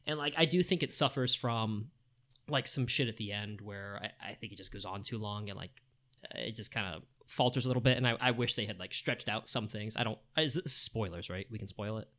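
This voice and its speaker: A man's voice: lowish voice, brisk. A man co-hosting a casual horror podcast, telling a story with a lot of swearing and laughing as he talks. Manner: animated storyteller, swearing, laughing while talking. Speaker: podcast co-host.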